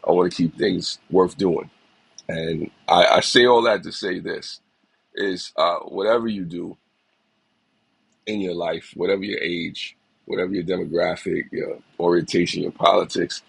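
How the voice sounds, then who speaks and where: A man's voice: low voice, creaky, husky, dry recording, low-quality recording. A man in his forties, a little sick, hosting a casual livestream with a reflective, encouraging manner and greeting viewers by name. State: a little sick, slight cough. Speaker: livestream host. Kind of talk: casual motivational livestream talk.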